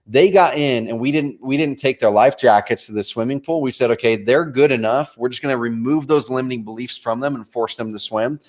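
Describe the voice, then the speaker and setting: A man in his late thirties speaks at an ordinary middle pitch in an earnest, personal way. He leads a motivational planning webinar and talks straight to his viewers as "guys". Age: 30s. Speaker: company leader presenting a planning webinar.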